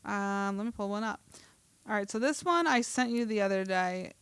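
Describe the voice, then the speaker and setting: Chatty woman podcaster, smooth clear voice. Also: mid-range voice, animated, moderate pace, fairly bright tone, dry recording. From New Jersey. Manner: chatty, laughs easily, reads with stumbles. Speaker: podcast co-host. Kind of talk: casual chat, reading an article aloud.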